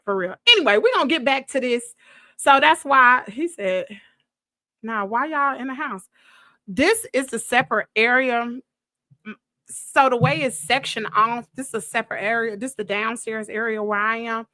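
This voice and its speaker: A livestream host chats casually from the downstairs office of her home, standing before a green screen, telling stories in an animated, gossipy Southern style. Her voice is a little high and moves at a moderate pace with no echo, and she keeps coughing from bug spray fumes.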